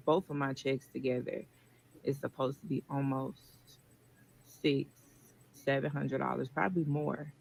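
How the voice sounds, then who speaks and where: A man's voice: mid-range voice, vocal fry, a little hiss or hum, poor audio. A man in a clip venting about missing payments, irritated and complaining. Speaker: content creator in a played clip. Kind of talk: venting vlog.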